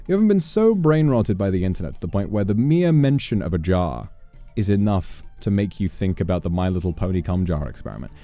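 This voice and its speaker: A man's voice: on the low side, mellow, dry recording. A young man chatting on a gaming livestream, rambling into mock-exasperated rants with plenty of swearing. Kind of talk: casual livestream chat while gaming.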